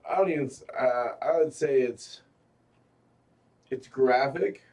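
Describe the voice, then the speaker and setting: A man in casual conversation as a co-host, laid-back and chatty, who sometimes acts out quotes loudly. His pitch is middling, and he sounds a bit distant from the microphone. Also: measured pace. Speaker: podcast co-host. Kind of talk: casual chat.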